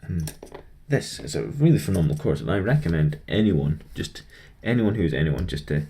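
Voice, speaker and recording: Low-voiced young man chatting casually. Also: big pitch swings, normal speed, mellow, a little hiss or hum. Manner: rambling, chatty, self-deprecating. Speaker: vlogger building a model kit. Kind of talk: casual chat while building.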